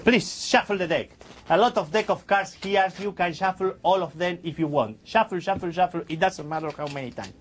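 A man's voice: high voice, a little fast, a little hiss or hum. A man performing as a stage magician, chatting playfully with the audience in slightly broken English.

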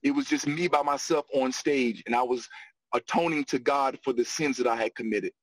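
A man telling stories about his acting start in a casual interview, animated and quick to laugh. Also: medium pitch, no echo, poor audio. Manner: animated, laughs often, repeats phrases. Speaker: guest, actor and acting coach.

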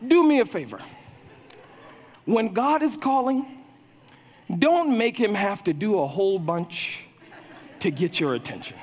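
A man's voice: high-pitched, expressive, a little slow, long pauses, long reverb tail. A male pastor preaching a sermon, telling stories and repeating words as he builds a point.

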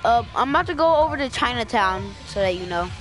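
A woman giving excitable, chatty, rambling commentary while playing a game with friends. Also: on the high side, fairly quick, faint music behind. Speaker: gaming video host. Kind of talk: casual gameplay commentary.

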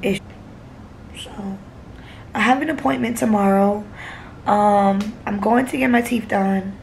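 She takes it slowly, her mid-range voice creaky and darkish, over slight background noise. This casual vlog has a young New Yorker talking into a phone held at arm's length from an airport and a hotel room, blunt and swearing, and sometimes tearful.

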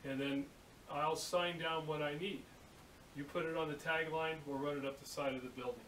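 A man doing a gruff, irritable steelworker. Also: a little high, fairly even intonation, moderate pace, fairly bright tone, close to an everyday voice. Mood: instructing. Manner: grumbling, blustering. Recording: echoey room from a distance, hiss.

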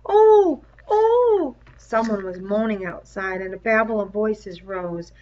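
A woman's voice: mid-range voice, fairly even intonation. Woman reading a novel aloud, lo-fi. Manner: measured storytelling with voiced cries. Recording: dull lo-fi recording.

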